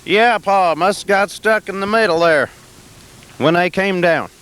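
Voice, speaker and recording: A man playing a dim-witted, meek farm son in a comedy sketch, slowly repeating what his father says. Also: high-pitched, a bit bright, smooth. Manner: slow, repetitive echoing of his father.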